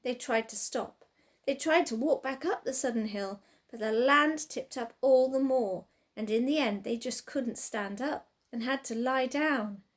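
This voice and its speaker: A woman reading a children's storybook aloud with expressive, sing-song narration. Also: on the high side, a little slow.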